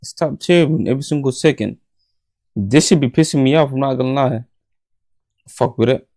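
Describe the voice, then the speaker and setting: A man's voice: mid-range voice, normal speed, a little mellow. Sleepy young male streamer, rambling slangy self-talk, mid-range voice, home bedroom. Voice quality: tired, drowsy, mumbling. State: half asleep. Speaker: livestream host. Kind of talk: late-night casual livestream chat.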